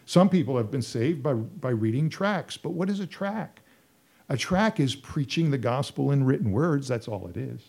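Man, preacher, sermon, earnest storytelling, repeats phrases, warm dark tone. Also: mid-range voice, expressive, normal speed, creaky, slightly rough.

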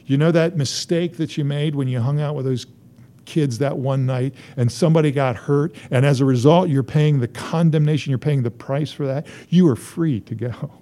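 A man's voice: a little high, normal speed, dark tone. A man preaching a sermon as a pastor, driving his points home through emphatic, rising repetition.

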